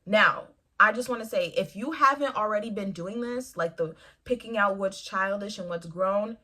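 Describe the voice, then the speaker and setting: A woman in her twenties talks straight to camera, giving advice in a casual, lively way. Her voice is bright, and she acts out her own reactions as she goes. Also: medium pitch, normal speed. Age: 20s. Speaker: vlogger. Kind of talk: casual advice vlog talk.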